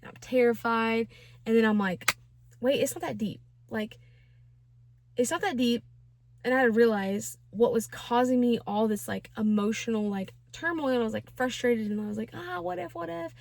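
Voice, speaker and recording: A young woman in her twenties tells a personal story in a relaxed vlog style. Her voice sits a little high, and she is chatty and full of slang and fillers. The sound is close and dry, with no room echo. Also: normal speed. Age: 20s. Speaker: vlogger. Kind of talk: casual storytime.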